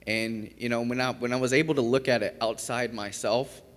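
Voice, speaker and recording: Speaking fairly quickly in a steady, mid-range voice, a young man from Kentucky shares his testimony as a recovery program graduate. His storytelling is candid and chatty, with lots of fillers and restarts, and the big church sanctuary rings with long reverb.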